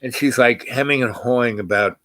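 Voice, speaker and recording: A man in his eighties casually telling a long personal story, rambling and halting with many fillers and restarts. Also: mid-range voice, a bit bright, no echo. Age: 80s.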